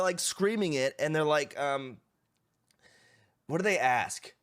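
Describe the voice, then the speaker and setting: A man's voice: a little high, expressive, unhurried. A young man, a streamer, casually telling a story to his stream, swearing and acting out the people he quotes.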